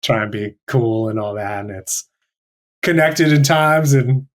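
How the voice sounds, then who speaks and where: A man's voice: mid-range voice, measured pace. A man with a mid-range voice joins a casual podcast conversation. He agrees readily and laughs easily as he talks.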